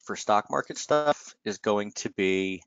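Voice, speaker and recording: A man with a lowish voice runs a live trading webinar and walks through charts in a relaxed, rambling way, full of "um" and "right?". He has the hiccups, and the sound is dry and slightly dull, like a close desktop mic. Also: a little slow, clean tone, no room sound. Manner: conversational, filler-heavy, frequent "right?" tags. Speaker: webinar host, market analyst.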